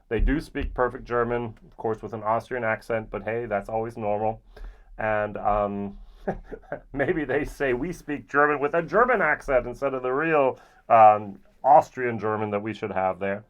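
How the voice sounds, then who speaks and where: A man talks through a whisky tasting in a loose, chatty way at a middling pitch, often stopping to search for a word. The audio is a little dull and lo-fi. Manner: relaxed, rambling with frequent ums. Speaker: whisky reviewer. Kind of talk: casual tasting review.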